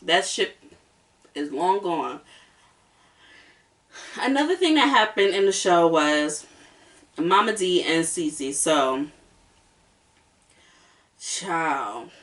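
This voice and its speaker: A woman's voice: lowish voice, expressive, extremely slow, pauses often, fairly bright tone, far from the mic. A woman hosting a casual reality-show review, sassy and emphatic, hammering her points home by repeating them. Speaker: host.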